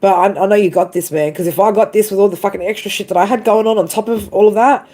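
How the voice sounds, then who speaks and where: A woman's voice: medium pitch, steady tone, fast talker, dark tone. A woman doing a live tarot stream, tearful and emotional, swearing freely and tagging lines with "right?" and "man". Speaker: tarot reader.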